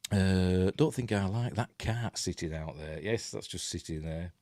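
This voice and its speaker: A middle-aged Yorkshire man talks through a film in a loose, rambling commentary, full of ums and half-muttered asides. His voice sits low and deep. The sound is dry and close, with no room echo. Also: a little slow, a little mellow. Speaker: film reviewer. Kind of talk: casual watch-along film commentary.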